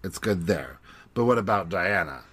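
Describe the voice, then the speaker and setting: Man, podcast co-host, low pitch, bright, chatty, playful recap. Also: animated, moderate pace, husky, dry recording. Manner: chatty, playful, slips into quoting voices. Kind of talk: casual chat, recapping a reality TV episode.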